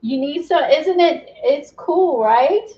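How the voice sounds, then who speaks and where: A woman's voice: high-pitched, expressive, slow, highs cut off. A woman hosting a craft livestream, chatting casually, laughing often and reading the live chat.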